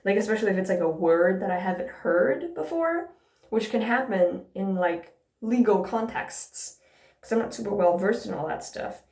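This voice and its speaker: Woman, mid-pitched, sarcastic storytime vlogger who swears freely, recorded in an echoey room. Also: lively intonation, normal speed, darkish tone. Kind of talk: casual ranting storytime. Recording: roomy echo.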